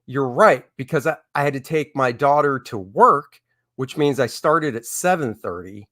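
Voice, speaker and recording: A man's voice: medium pitch, lively intonation, moderate pace, pushed and bright. A middle-aged man hosting a casual live stream as a comic artist, talking in a candid, opinionated and rambling way.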